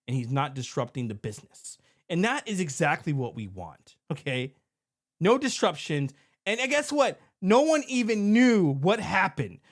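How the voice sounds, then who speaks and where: A middle-aged man who owns a security company, talking through an incident in a casual, conversational podcast manner. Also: fairly high pitch. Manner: animated, conversational, repeats himself. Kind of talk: commentary podcast.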